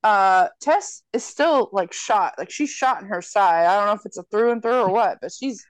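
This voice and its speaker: A woman's voice: medium pitch, moderate pace, no room sound. A woman in casual chat, recapping a film plot with lots of swearing and acted-out quotes. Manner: profane, animated storytelling with quoted voices. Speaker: podcast co-host recapping a film.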